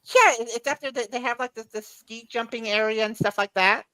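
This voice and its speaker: A woman's voice: on the high side, brisk, bright, forceful tone, no room sound, low-quality recording. A woman guest in a casual chat, rambling through memories with frequent restarts and laughs. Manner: rambling, repeats words while recalling, laughs often.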